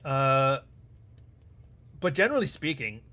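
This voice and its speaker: A man's voice: mid-range voice, very animated, a little slow, pushed and bright. A man hosting a live stream, talking casually and bluntly with plenty of swearing and acting out back-and-forth dialogue as he answers super chats. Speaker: livestream host.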